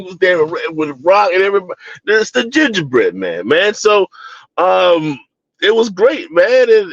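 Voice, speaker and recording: A man's voice: on the high side, no room sound, highs cut off. A man from Baltimore co-hosting a wrestling review show, talking in a casual, opinionated way with lots of fillers, restarts and mocking asides. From Baltimore, USA.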